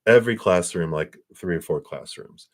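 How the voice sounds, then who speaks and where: Deep voiced guy, spiritual reader chatting on a livestream, animated. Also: normal speed. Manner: animated, acts out quotes, chuckles often. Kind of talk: casual spiritual talk on a livestream.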